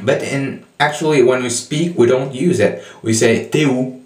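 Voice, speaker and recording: A man with a French accent explaining everyday spoken French in a casual lesson, slow and hesitant with many fillers and restarts. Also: medium pitch, a little mellow, roomy sound, far from the mic. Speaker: French tutor.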